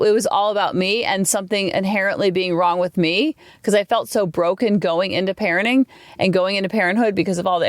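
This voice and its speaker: Woman in her 40s, podcast host: candid, chatty solo talk, close dry mic, mid-pitched. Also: no room sound. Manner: chatty, candid, animated storytelling. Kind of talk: casual solo podcast monologue.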